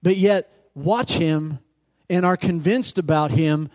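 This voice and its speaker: Pastor guy w a kinda high voice preaching, keeps asking the church are you with me. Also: takes it slowly, a little mellow. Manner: preaching with rising emphasis and call-outs to the congregation. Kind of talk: sermon.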